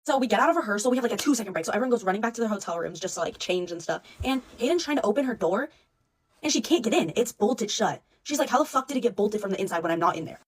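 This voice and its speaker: A woman telling a story in an excited, profane, breathless way. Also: medium pitch, racing. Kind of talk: casual storytime.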